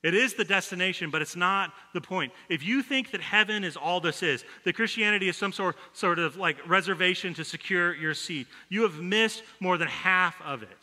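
A man preaching a sermon as pastor, telling a story in a conversational way and dropping his voice soft when he quotes people. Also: sits high, normal speed, hardly any pauses. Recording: long reverb of a large hall.

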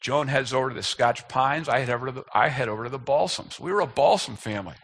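Man in his fifties with a husky voice, self-mocking storyteller for a sermon. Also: medium pitch, fast talker, fairly bright tone. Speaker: speaker. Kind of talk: humorous personal story in a sermon.

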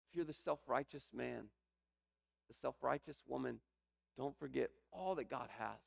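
A man's voice: medium pitch, unhurried, gravelly. A man preaching a sermon, explaining a scripture passage with rising emphasis. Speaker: pastor.

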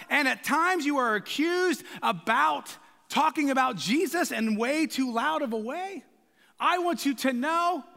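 A man preaching a sermon as pastor, loud and passionate, often shouting for emphasis. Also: extremely high pitch, big-room sound.

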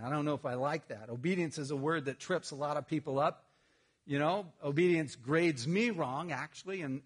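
Husky-voiced man preaching conversationally. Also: on the high side. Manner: conversational, humorous storytelling with lively outbursts. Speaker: pastor. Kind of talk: sermon.

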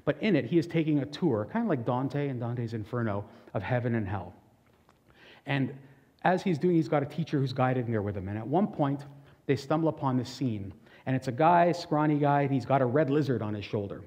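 Man, pastor, sermon; warm, relaxed voice, earnest and chatty, long hall echo. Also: mid-range voice, fairly quick. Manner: earnest, conversational preaching with frequent restarts.

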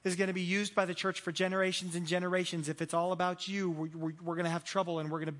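Earnest man preaching, raised pitch. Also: little pitch movement, fast, a bit bright. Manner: earnest, repeats words when building a point. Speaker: pastor. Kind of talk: sermon.

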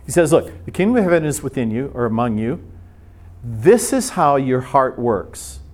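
A middle-aged man delivers a sermon in a relaxed, conversational way. He tells stories and throws in casual asides, speeding up in quick bursts. His voice sits at an ordinary, middle pitch for a man. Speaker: preacher.

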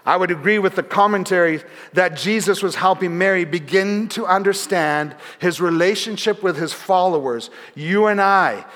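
High-voiced preacher in a reverberant church. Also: male voice, moderate pace, hardly any pauses. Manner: earnest storytelling preacher, drops softer for emphasis. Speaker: pastor. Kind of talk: sermon. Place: church sanctuary. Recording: long hall reverb.

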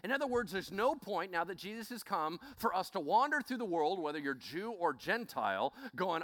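Animated, lively-voiced male pastor preaching. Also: sits high, normal speed, no echo. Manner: animated storytelling with call-outs to the congregation. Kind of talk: sermon.

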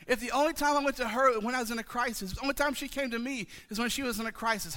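Male pastor preaching, high bright voice, rhythmic repetition, long hall reverb. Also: fast talker, few pauses. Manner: passionate, repetitive call-and-response preaching. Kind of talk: sermon. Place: church sanctuary.

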